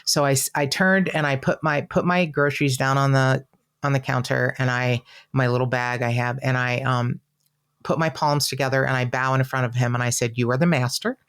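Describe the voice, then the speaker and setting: A woman's voice: extremely low pitch, normal speed, clear, resonant tone. A middle-aged woman from Southern California, co-hosting a podcast and telling a story in casual chat, swearing freely and acting out the other people's lines. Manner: animated storyteller, swears freely, acts out quoted voices. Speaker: podcast co-host.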